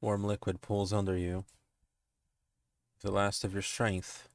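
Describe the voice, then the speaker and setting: A man's voice: on the low side, little pitch movement, slow pace, no echo. A man streaming a text game, reading its narration aloud and breaking off into giggles and profane asides.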